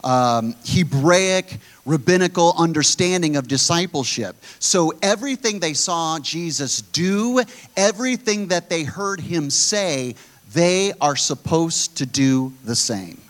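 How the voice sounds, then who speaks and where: A man preaching a sermon, blunt and animated, often putting questions to his listeners. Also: a little high, slow pace.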